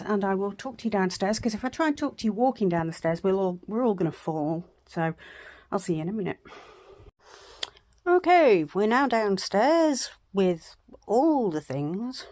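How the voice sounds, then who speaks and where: A woman's voice: mid-range voice, a little mellow, no room sound. A woman vlogging casually from her home craft room, chatty and self-deprecating, rambling with plenty of fillers. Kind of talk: casual chat to camera.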